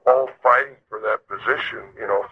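A man's voice: on the low side, fairly even intonation, moderate pace, breathy edge. An older man, a former ballplayer, telling stories in an interview, rambling with many fillers and restarts. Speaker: former baseball player, interviewee. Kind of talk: storytelling interview. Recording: dull lo-fi recording.

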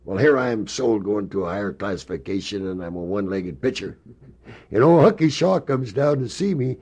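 With a darkish, slightly rough voice on the low side, an older man who once played ball rambles through folksy stories in an oral history interview. His delivery is brisk with lively intonation and lots of fillers.

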